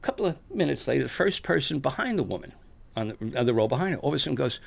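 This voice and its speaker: An older man casually telling animated stories, acting out the voices of the people in them. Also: fairly high pitch, rapid-fire, gravelly. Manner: animated, acts out shouted quotes. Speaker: storyteller guest. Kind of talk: casual storytelling chat.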